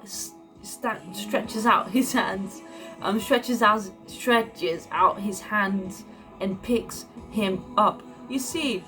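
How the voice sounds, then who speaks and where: A woman speaks an informal devotional message in an earnest, encouraging tone. She circles back on her words and leans on fillers as she goes. Music plays clearly behind her voice. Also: fairly high pitch, fairly bright tone. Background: background music.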